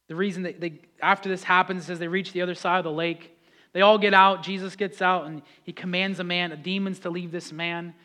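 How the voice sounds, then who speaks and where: A man preaching a sermon, talking with the congregation, swinging from loud pleading passages to hushed calm ones. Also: sits high. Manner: builds to loud impassioned pleas, then drops to hushed calm; conversational preaching with audience questions. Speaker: pastor.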